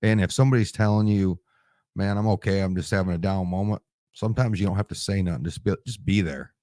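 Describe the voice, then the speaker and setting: A man's voice: deep voice, steady tone, fast talker, mellow, dry recording, clean studio sound. A veteran man in his forties, telling war stories in a casual interview, emotional and tearing up, swearing and restarting his sentences. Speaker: Marine veteran guest.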